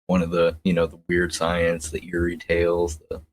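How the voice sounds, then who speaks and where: A laid-back man with a very low voice chats about comics on a podcast, laughing often. Faint noise hums under the recording. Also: monotone, normal speed. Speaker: podcast co-host. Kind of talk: casual comic book discussion.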